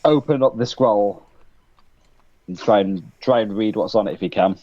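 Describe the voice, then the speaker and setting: Male player, casual and plain, mid-pitched, dull sound. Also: normal speed, dark tone. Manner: describes his character's actions plainly. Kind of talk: casual tabletop play.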